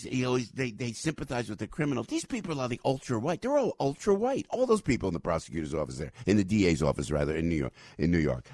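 A fired-up talk show host rants in a gravelly, slightly raised voice. He swings his pitch widely, stumbles over repeated words and breaks into sudden shouts. The sound is dry and close. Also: dry recording. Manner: ranting, rapid-fire, repeating himself, bursts into shouts. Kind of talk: fired-up political commentary.

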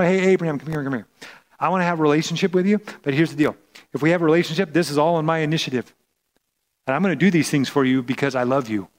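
Man preaching a casual sermon. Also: a little high. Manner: conversational preaching, repeats words often. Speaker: pastor.

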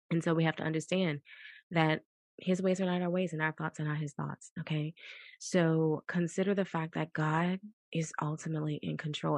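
A woman's voice: deep voice, no room sound. A woman hosting a podcast, giving earnest, preacher-like faith encouragement with lots of repetition. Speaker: podcast host. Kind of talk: faith-based encouragement talk.

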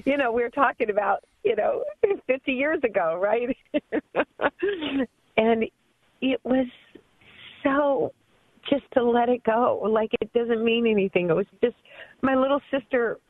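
A woman's voice: fairly high pitch, a little slow, pauses often. Earnest woman in her fifties on a phone line. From Southern California. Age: 50s. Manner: earnest, emotional storytelling. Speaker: caller. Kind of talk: call-in radio testimony.

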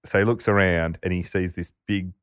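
A man casually telling a true story to a co-host, animated and laughing often. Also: deep voice, brisk, clean tone, no echo, studio quality.

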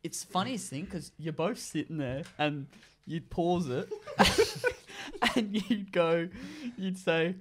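A man's voice: sits high, moderate pace, a little hiss or hum. A young man, a prankster guest who tells his pranks cheekily and laughs through his own stories. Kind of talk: casual banter among roommates.

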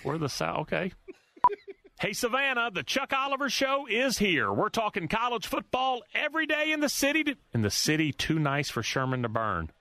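A man's voice: very high-pitched, sing-song, fairly quick, hardly any pauses, bright, forceful tone, no echo. A man who hosts a sports radio show, reading punchy station promos.

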